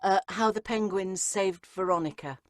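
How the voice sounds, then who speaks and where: A woman audiobook narrator answering interview questions in a chatty, lively way, with frequent ums and asides. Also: medium pitch, normal speed.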